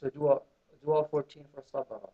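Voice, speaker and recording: A fairly high-voiced man leads a classroom Arabic lesson, drilling his students with call and response. The sound is muffled and lo-fi. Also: steady tone, fast talker. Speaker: Arabic teacher.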